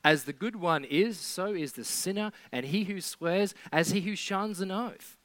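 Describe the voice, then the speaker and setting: A man's voice: a little high, expressive, measured pace, a bit bright, no echo. A man preaching a sermon in a conversational way, with sarcastic asides.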